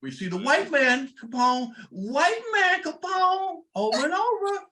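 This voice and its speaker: A man's voice: very high-pitched, sing-song, measured pace, bright, forceful tone, exaggerated voice. A man on a comedy news panel doing an impression of a famous comedian, preaching indignantly and calling everyone brother. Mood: riled up. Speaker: co-host.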